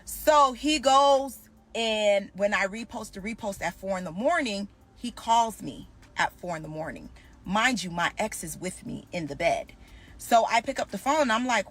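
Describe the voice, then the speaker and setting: A young woman talks straight to camera in a storytime vlog, full of energy and switching between herself and the other people in her story. Her voice sits at an ordinary middle pitch for a woman, with nothing unusual about its tone. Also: normal speed. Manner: animated, acts out both sides of the conversation.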